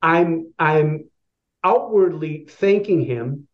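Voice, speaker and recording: A man's voice: on the high side, expressive, extremely slow, dull audio. A man telling a long personal story as a guest, with lots of fillers and restarts. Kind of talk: storytelling in an interview.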